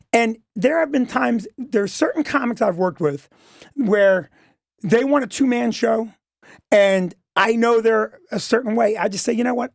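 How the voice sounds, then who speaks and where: A man's voice: very high voice, vocal fry, no room sound, clean studio sound. A middle-aged man, a comedy club owner, talking as a guest on a radio show and defending himself emphatically, often saying "listen" and "okay". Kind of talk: talk radio interview.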